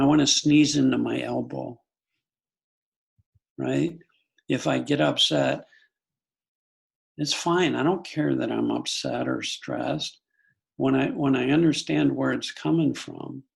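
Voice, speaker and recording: An older man with a husky, gravelly voice of medium pitch appears as a psychologist on a podcast. Thoughtful and in no hurry, he talks about family life through anecdotes and often stops to start a thought over.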